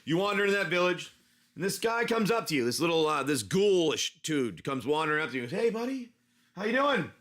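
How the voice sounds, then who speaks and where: Casual man game master, slightly high voice. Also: lively intonation, quick pace, a bit bright. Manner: casual, rambling, restarts often. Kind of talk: narrating a live tabletop-style adventure.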